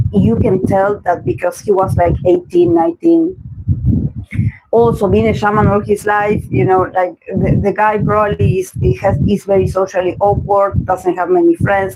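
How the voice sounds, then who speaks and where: A man's voice: sits high, noisy background. A man from Argentina with an Argentine Spanish accent, a tarot reader giving rambling, opinionated commentary in a casual livestream chat.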